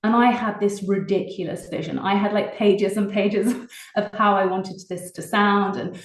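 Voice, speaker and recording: A British woman, a singer-songwriter, chatting casually in an interview, laughing often between fast bursts of talk. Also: medium pitch, fairly even intonation, roomy sound, poor audio. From Britain.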